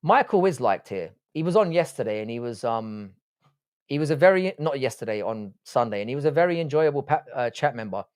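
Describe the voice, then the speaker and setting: A man with a Southwest London accent runs a casual live stream, chatting loosely with his viewers. His talk is full of teasing banter and swearing, in a mid-pitched, everyday male voice. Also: expressive, brisk, darkish tone. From England. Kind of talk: casual live-stream chat reading comments.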